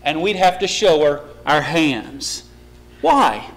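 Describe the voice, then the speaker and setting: High-voiced preacher giving an earnest sermon. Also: male voice, big pitch swings, slow pace, fairly bright tone, rough recording. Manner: earnest, asks the congregation questions. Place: church.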